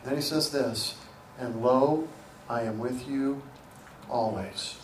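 Middle-aged american pastor preaching, repeats lines for punch, goes quiet then loud, roomy echo, mic a ways off. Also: male voice, mid-range voice, slow, slight background noise. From United States. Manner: emphatic, repeating phrases, swings between loud and hushed. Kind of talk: sermon. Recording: roomy sound from a distant mic with faint ambience.

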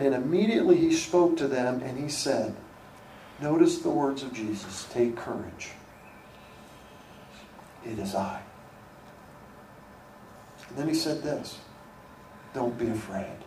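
Middle-aged American male pastor, emphatic sermon delivery with hushed asides, distant mic in an echoey hall with faint ambience. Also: fairly high pitch, normal speed, a little hiss or hum. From United States. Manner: emphatic, repeating phrases, swings between loud and hushed.

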